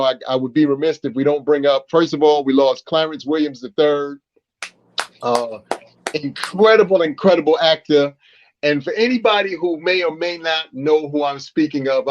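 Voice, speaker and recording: A man co-hosting a casual radio talk show, animated and storytelling. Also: fairly high pitch. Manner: animated, storytelling, quotes film lines loudly. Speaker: radio co-host. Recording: dull lo-fi radio audio.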